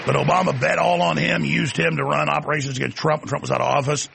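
Gravelly, ranting male talk host. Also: a little high, steady tone, fast talker, a bit bright, a little hiss or hum. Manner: ranting, sarcastic. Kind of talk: opinionated monologue.

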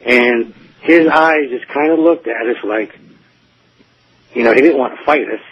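A man calls in to a radio show and tells a rambling story full of asides and "you know"s, casual storytelling for a call-in program. His voice is mid-range and unhurried, coming through a tinny phone line.

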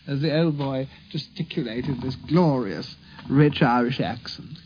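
A man fondly reminiscing in an interview, telling stories in a measured way, heard in a dull lo-fi archive recording. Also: medium pitch, lively intonation, a little hiss or hum.

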